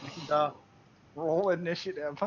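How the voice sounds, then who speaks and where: A man narrating and running a tabletop game in a casual, lively way. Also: a little high, unhurried, highs cut off, slight background noise. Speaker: game master.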